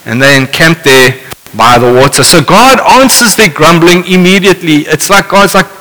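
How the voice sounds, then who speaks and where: Bright-voiced man preaching in a hall. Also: fairly high pitch, lively intonation, moderate pace. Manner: conversational, wry asides. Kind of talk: sermon with scripture reading.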